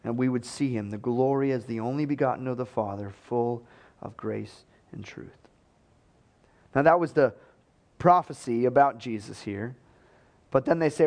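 A man's voice: medium pitch, moderate pace, a little mellow. A man preaching a sermon in a conversational storytelling way, acting out the voices he quotes.

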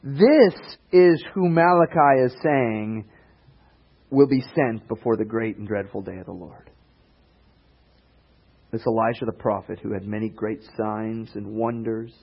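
Casual male preacher, chatty storyteller with dry asides, husky tone, lo-fi sound. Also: on the low side, unhurried. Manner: conversational, sarcastic asides, jumps into voices for characters. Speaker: pastor. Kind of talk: casual sermon with acted-out retellings.

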